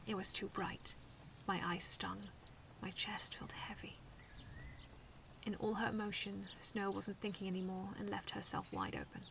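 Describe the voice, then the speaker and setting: Woman reading her story in a hushed voice. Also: mid-range voice, expressive, measured pace, creaky. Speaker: fan fiction author reading aloud. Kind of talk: first-person story reading. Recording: distant mic with faint noise.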